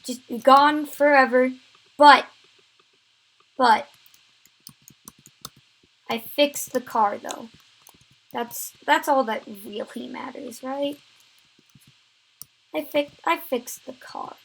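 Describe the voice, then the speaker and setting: A woman's voice: high-pitched, slow pace, gravelly, long pauses, a bit bright, rough recording. A woman vlogger telling a story time tale, rambling with many fillers and restarts.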